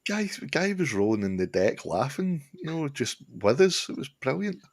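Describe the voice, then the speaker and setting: A middle-aged man co-hosting a casual live-stream chat, telling lively anecdotes and swearing freely. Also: mid-range voice, normal speed. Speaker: podcast co-host.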